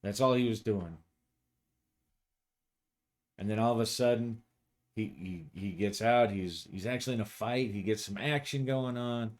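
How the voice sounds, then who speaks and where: A worn-out veteran cop who talks flatly and bluntly, as a man plays him. His voice stays low-key and tired, with no patience left. This is a tabletop role-play voice. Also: measured pace, pauses often, natural voice. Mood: weary. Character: weary veteran male cop, dry and blunt.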